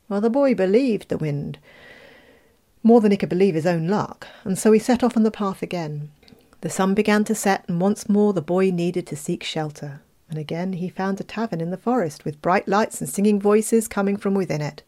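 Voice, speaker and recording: A woman reading a fairy tale aloud, expressive, with playful asides. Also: medium pitch, normal speed. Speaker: storyteller.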